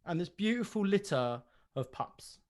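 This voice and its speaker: An earnest young devotee, played by a man in a tabletop game. He tells his tale eagerly in a slightly high voice. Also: animated, normal speed.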